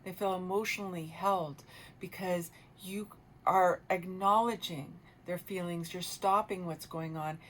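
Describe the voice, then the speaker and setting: A lower-pitched woman talks through parenting advice on a radio show, earnest and reflective, pausing and restarting as she thinks. Recorded in a radio studio with a faint hiss underneath. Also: steady tone.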